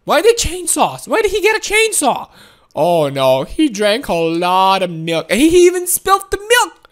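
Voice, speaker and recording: High, lively, giggly woman gamer. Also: measured pace. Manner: excitable and giggly, frequent laughs and exclamations. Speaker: gaming video host. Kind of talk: live game commentary.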